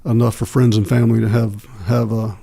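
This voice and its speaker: A middle-aged man from Texas, a podcast guest telling stories from his life in a halting way, with many pauses and restarts. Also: lowish voice, flat delivery, creaky, dark tone, slightly rough. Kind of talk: candid interview storytelling.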